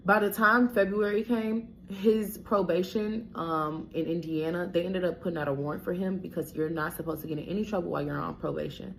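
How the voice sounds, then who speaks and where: Low-voiced blunt woman telling a story. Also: steady tone, a little fast, vocal fry, few pauses, slight background noise. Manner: blunt, profane, talks straight to viewers. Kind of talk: casual storytime monologue.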